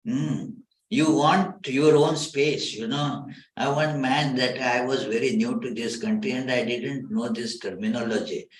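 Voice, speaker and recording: A man giving a spiritual talk as a swami, speaking haltingly with many filler sounds. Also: mid-range voice. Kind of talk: spiritual lecture. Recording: roomy hall echo.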